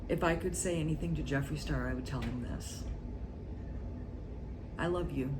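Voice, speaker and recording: Earnest woman in a noisy recording. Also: low voice. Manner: halting, earnest, short broken phrases. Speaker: vlogger. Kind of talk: confessional talk to camera.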